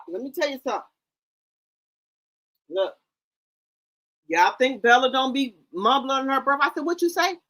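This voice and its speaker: A woman streamer in a loud, confrontational, heavily profane livestream rant. She stammers and repeats herself and keeps firing rhetorical questions. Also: sits high.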